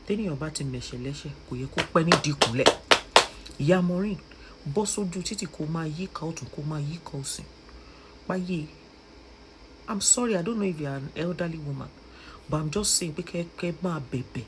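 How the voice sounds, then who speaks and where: A woman's voice: low-pitched, fast talker, noisy background. A young woman with a Nigerian Yoruba accent giving emotional vlog commentary, pleading and scolding by turns. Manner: impassioned, switching between pleading and scolding. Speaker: social media commentator.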